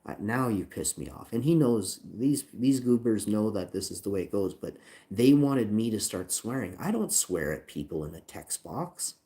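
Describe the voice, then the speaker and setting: On his livestream, an angry man complains about a support chat, reading its lines aloud, swearing and repeating himself. His lowish, mellow voice is very animated at normal speed.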